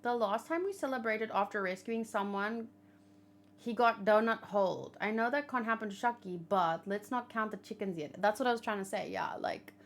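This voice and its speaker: A woman hosting a manga read-along, giving chatty and excitable commentary and swearing casually. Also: mid-range voice, moderate pace, slight background noise.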